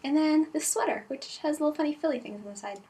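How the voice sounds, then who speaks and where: A young woman chatting casually in a travel vlog, giggly and playful with quick asides. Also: high voice, dark tone, slight background noise. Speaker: vlogger.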